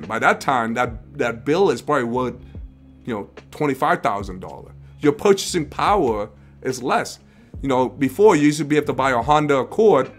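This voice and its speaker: Guy hosting a livestream, rambly, keeps asking guess what, some soft music in the back. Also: medium pitch. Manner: rambling, repeats phrases, asks rhetorical questions. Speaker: investing livestream host. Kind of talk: casual livestream talk.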